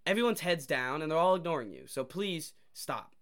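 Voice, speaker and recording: Lively, bright-voiced young man. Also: a little high, normal speed. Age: young adult. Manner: animated storytelling, acts out quoted exchanges. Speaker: podcast co-host. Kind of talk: casual chat.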